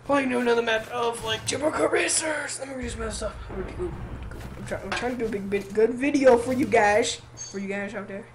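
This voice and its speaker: A high-voiced woman chatters through a game session in excitable, giggly bursts. She shouts out countdowns and wins, over a faint hiss in the background. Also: normal speed. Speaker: gamer. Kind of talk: let's play commentary.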